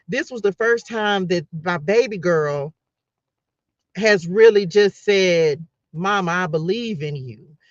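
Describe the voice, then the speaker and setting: A woman's voice: mid-range voice, no echo, highs cut off. A middle-aged woman talking casually and emphatically to her live-stream viewers about faith, repeating herself like a preacher and calling them y'all. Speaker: faith livestreamer.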